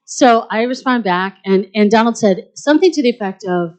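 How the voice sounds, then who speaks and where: Lively woman telling a quick anecdote. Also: fairly high pitch. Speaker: arts center president. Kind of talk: panel conversation at a luncheon.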